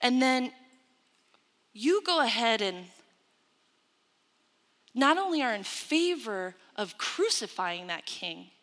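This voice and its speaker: A woman's voice: on the high side, big pitch swings, takes it slowly, pauses often, a bit bright. A woman preaching a sermon, retelling scripture with emphatic storytelling and quoted asides. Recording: long hall reverb.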